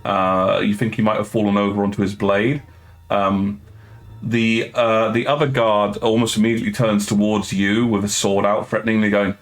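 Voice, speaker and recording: A man's voice: lowish voice, fairly even intonation, normal speed. A man narrating as dungeon master, hesitant and full of fillers and restarts. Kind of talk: narrating a tabletop game.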